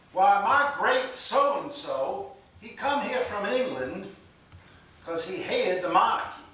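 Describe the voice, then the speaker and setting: A man's voice: high voice, sharp tone, exaggerated voice. A man playing a folksy Southern storyteller. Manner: folksy storytelling with rural grammar. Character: folksy older Southern man proud of his soldiering kin. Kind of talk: theatrical monologue for an acting class. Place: classroom or small stage. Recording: echoey room with the mic far away.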